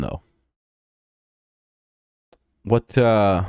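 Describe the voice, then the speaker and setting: A man streaming live, chatting casually about a baseball game, excitable, swearing freely and bantering with his chat. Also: lowish voice, normal speed, smooth, no room sound, clean studio sound.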